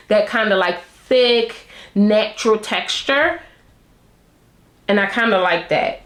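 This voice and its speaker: Chatty woman vlogger in a roomy room. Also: on the high side. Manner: chatty and candid, slangy, laughs often. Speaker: vlogger reviewing a reality show. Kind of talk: casual chat to camera. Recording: roomy echo.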